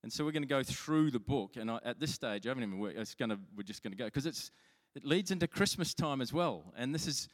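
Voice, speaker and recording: Chatty pastor in a reverberant hall. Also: male voice, medium pitch, expressive, fast talker, hardly any pauses. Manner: chatty, self-mocking storytelling with many restarts. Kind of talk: sermon.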